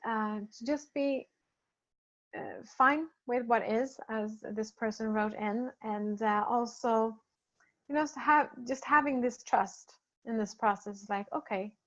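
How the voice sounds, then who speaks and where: A woman spiritual healer talking casually, gently and hesitantly, as she reads and answers feedback from participants. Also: a little high. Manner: soft-spoken, gentle, hesitant with many pauses and fillers. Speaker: spiritual healer leading a program. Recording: dull lo-fi recording.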